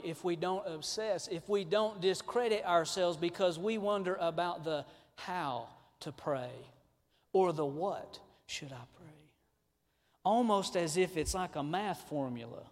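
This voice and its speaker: A male pastor with a Southern US accent delivers a sermon. He climbs to fiery shouts and drops into quiet, wry asides. His voice sits high, and a long church hall echo hangs on every phrase. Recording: echoey large hall.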